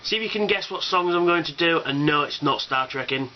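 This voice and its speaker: A man's voice: fairly high pitch, fairly quick, highs cut off, a little hiss or hum. Enthusiastic man with a rambling delivery. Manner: enthusiastic, sweary, full of fillers. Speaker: fan convention vlogger. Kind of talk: casual rambling video response.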